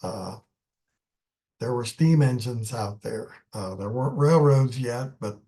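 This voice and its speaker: A man lecturing on poetry in a live online class, explaining in an unhurried way and thinking aloud with many fillers. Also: medium pitch, mellow.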